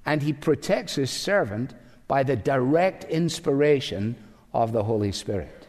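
A man's voice: mid-range voice, expressive, unhurried, a little mellow. A man preaching a sermon as pastor, emphatic and full of rhetorical questions. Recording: long hall reverb.

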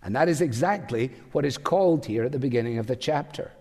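A man's voice: mid-range voice, lively intonation, fast, darkish tone. A man preaching a sermon as pastor, emphatic and full of rhetorical questions. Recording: long hall reverb.

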